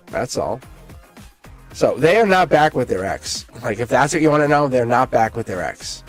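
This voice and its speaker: A man hosts a live tarot reading in an excited, rambling way, breaking off and restarting his sentences and laughing often. His voice sits at an ordinary middle pitch. Faint music plays behind him. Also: a little slow. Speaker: tarot reader.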